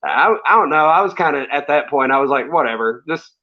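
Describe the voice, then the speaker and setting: A man's voice: fairly high pitch, fast. A man telling stories as an interview guest in casual chat, laid-back and rambling with fillers and small laughs. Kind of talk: casual storytelling. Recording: dull lo-fi sound.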